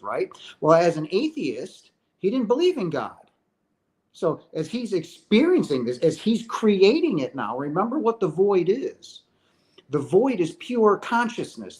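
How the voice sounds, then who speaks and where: A middle-aged man with a somewhat high voice hosts a question-and-answer session in a casual spiritual talk. He speaks earnestly and emphatically, often tagging his points with "right?". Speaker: host answering viewer questions.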